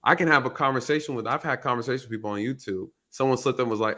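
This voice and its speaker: Emphatic bright-voiced man talking. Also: mid-range voice, racing. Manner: emphatic, repeats key phrases, storytelling. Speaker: podcast host, retired police officer. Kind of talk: casual commentary.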